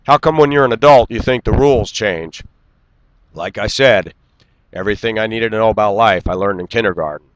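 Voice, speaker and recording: A man delivering an indignant, lecturing rant straight to camera and clearing his throat now and then. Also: on the low side, brisk, no echo, low-quality recording. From United States. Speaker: vlogger. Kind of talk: ranting monologue.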